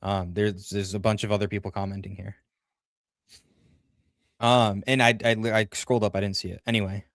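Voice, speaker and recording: A man's voice: fairly low pitch, flat delivery, moderate pace, pauses often, a bit bright, no echo, studio quality. A man chatting casually on a livestream, rambling through a story and reading viewer comments aloud. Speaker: livestream co-host.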